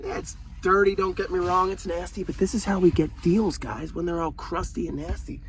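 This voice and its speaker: Young man, used car dealer, casual swearing banter, raised pitch, clear background noise outdoors. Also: fairly even intonation, moderate pace. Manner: blunt, swearing, salesman banter. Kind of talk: casual vlog walkaround. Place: outdoors at a car auction lot.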